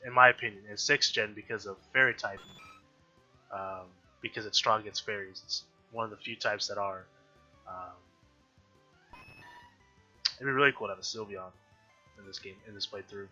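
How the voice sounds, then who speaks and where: A man's voice: medium pitch, bright, forceful tone. A man with a nasal voice from allergies, chatting casually as he plays a video game and thinks aloud. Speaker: gaming YouTuber. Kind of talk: casual let's-play commentary. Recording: dull lo-fi audio with faint game music. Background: faint game music.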